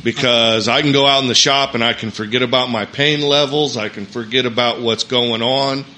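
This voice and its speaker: A man chatting casually as a podcast guest, earnest and steady. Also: medium pitch, moderate pace. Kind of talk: casual chat.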